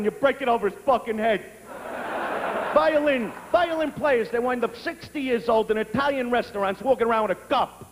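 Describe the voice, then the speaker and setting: Brash high-pitched man shouting stand-up. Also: a little hiss or hum. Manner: brash, profane, bursts into shouting. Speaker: stand-up comedian. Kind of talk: live stand-up routine. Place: stage before a live audience. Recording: reverberant live venue with crowd.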